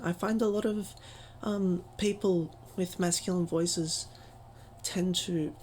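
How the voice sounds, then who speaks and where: Woman, casual tutorial, chatty, self-deprecating, mid pitch, faint background hiss. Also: darkish tone, poor audio. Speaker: voice training tutor.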